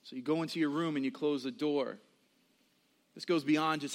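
High-voiced young man preaching a sermon. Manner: conversational preaching with quick asides and acted quotes. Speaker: pastor.

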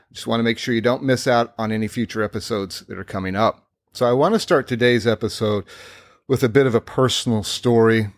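A man's voice: medium pitch, no room sound, clean studio sound. A man hosting his own podcast, telling a candid personal story in an earnest, reflective way. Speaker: podcast host.

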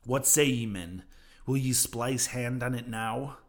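A man's voice: mid-range voice, a little slow, lightly acted. A man voicing an obsessed, vengeful old male sea captain in a fervent, declaiming way.

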